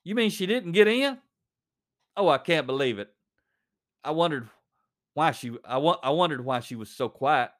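A man's voice: on the high side, animated, normal speed, pauses often, close to an everyday voice. A man doing a confused, impatient husband. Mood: startled. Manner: puzzled, impatient. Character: absent-minded older husband, confused and impatient.

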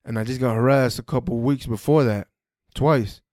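Profane, animated man with a mellow voice. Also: mid-range voice, normal speed, no echo, studio quality. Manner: profane, animated, re-enacts dialogue. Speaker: podcast host. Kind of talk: casual storytelling monologue.

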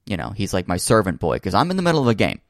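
A man's voice: on the low side, huge pitch swings, rapid-fire, gravelly, no room sound, studio quality. A young man casually telling a long funny story, full of fillers and restarts. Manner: rambling, many fillers and restarts, laughs while telling. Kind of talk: casual chat.

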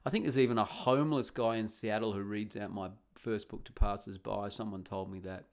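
A man's voice: fairly low pitch, fairly even intonation, brisk. A man hosting a podcast in a casual, rambling way, muttering and humming to himself as he searches through comments. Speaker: podcast host.

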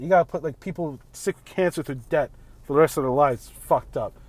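A man's voice: a little high, a little fast, darkish tone, no echo. Blunt, profane man ranting while driving. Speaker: podcast host. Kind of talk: casual monologue while driving. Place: in a car.

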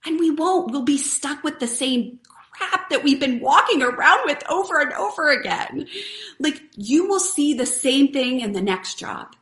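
A woman's voice: high-pitched, lively intonation, a little slow, fairly bright tone. A woman hosting a live stream, giving a casual, earnest motivational talk and chatting with viewers. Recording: roomy echo.

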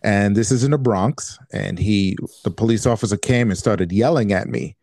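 A man hosting a casual discussion, telling personal anecdotes in a relaxed way. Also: on the low side, moderate pace, vocal fry, slight background noise.

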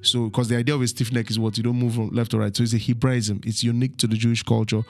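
A man's voice: mid-range voice, level tone, racing. A man teaching the Bible, reading verses aloud and explaining them, often stopping to ask the listeners to fill in the word and checking that they follow.

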